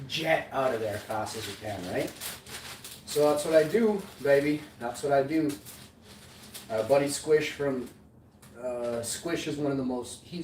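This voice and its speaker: A man's voice: mid-range voice, far from the mic. A man rambles boastfully to his vlog audience, full of slang and restarts. His voice sits in an ordinary middle range. The room is echoey and the mic sits some way off, with a faint hiss behind him. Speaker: vlogger, channel host. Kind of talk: casual rambling monologue.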